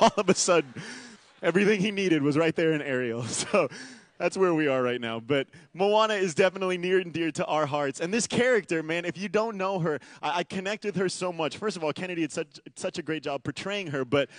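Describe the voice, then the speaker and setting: A man in his thirties preaching a sermon in a casual, animated way, full of asides and "like". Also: fairly high pitch, brisk. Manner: conversational, animated, self-deprecating asides. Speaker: pastor.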